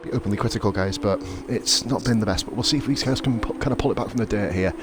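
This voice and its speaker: A man giving chatty, excitable live commentary on a sim racing league, calling his co-host "mate". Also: on the low side, fast. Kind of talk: live casual race commentary. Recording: loud game car noise behind.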